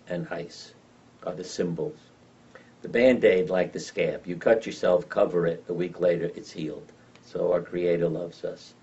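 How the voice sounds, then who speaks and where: An older man telling lively anecdotes as an interview guest, acting out the voices of the people in his stories. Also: low-pitched. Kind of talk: storytelling in an interview. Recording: dull lo-fi sound from some distance.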